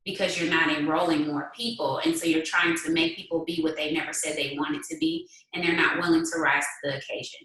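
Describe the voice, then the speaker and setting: A woman with a bright, forceful voice coaches her sales team, pushing them with question after question in a lively, chatty flow. She sounds distant from the mic in a very echoey room. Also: low voice, fairly quick, hardly any pauses. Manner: animated, rhetorical questions, conversational. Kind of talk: motivational team talk.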